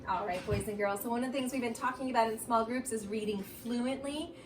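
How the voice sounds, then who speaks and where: A woman teacher giving a slow, sing-song, encouraging phonics lesson and read-aloud for young children. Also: fairly high pitch, distant mic. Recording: roomy echo, voice a little off-mic, faint background noise.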